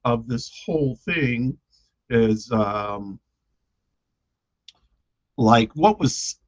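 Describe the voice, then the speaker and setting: A man's voice: mid-range voice, animated, very slow, highs cut off. A man chatting casually on a live stream about his own poems, hesitant and self-deprecating, with lots of fillers.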